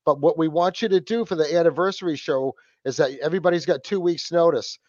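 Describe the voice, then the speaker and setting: A man's voice: fairly high pitch, fast, a little mellow, dry recording. Easygoing Boston-accented man, muffled mic. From New England. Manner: rambling, easygoing, many fillers and restarts. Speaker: podcast guest, host of his own podcast. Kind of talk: casual podcast chat.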